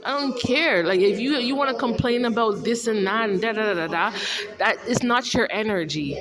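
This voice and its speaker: A woman's voice: a little high, normal speed. A woman delivering an indignant, repetitive, confrontational monologue as a vlogger. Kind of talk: rambling monologue to camera.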